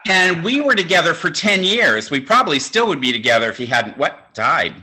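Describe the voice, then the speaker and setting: A man's voice: a little high, very animated, brisk, crowd noise. A man in his sixties doing a stand-up comedy set, with a campy, conversational, self-mocking delivery. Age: 60s. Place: home, virtual show.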